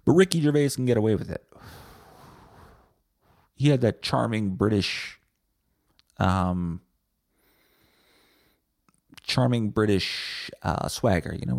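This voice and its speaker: A man's voice: medium pitch, expressive, a little slow, gravelly, pauses often, a little mellow, no echo, clean studio sound. A man hosting a solo podcast, ranting bluntly and sarcastically with plenty of swearing. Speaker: podcast host.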